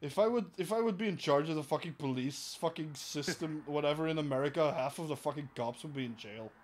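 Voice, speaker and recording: A man's voice: on the high side, fairly quick. A man hosting a crude comedy podcast, swearing a lot, laughing often and mocking people in put-on voices. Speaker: podcast host.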